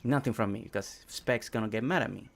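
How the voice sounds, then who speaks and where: A man's voice: lowish voice, a little fast, creaky. Chatty Spanish-speaking man streaming a game. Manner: chatty, reads chat aloud, thinks out loud. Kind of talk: casual game live stream.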